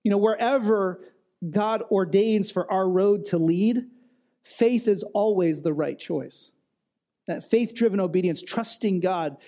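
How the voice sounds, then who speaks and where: A man's voice: high voice, a little slow, mellow. A male pastor giving a sermon in a conversational way, with restarts and emphatic repetition.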